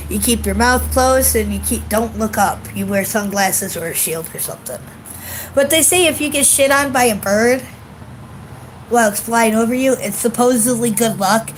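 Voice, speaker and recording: A woman's voice: a little high, a little hiss or hum, poor audio. A woman venting in a casual vlog, blunt and profane, sounding congested, recorded outdoors on a phone camera. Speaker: vlogger.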